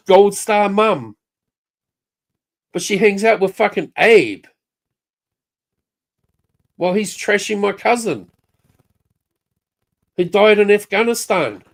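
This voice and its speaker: A woman with a New Zealand accent ranting angrily in a live chat, swearing nonstop and calling out people by name. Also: medium pitch. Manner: heated, swearing constantly, jabbing at named people. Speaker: livestream chatter. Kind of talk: angry profane rant.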